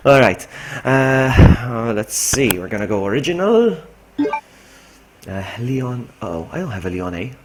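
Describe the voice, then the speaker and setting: A man's voice: medium pitch, sing-song, a little slow, background noise. A man, streaming a game and talking himself through it while greeting chat. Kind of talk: live gameplay commentary. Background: game music.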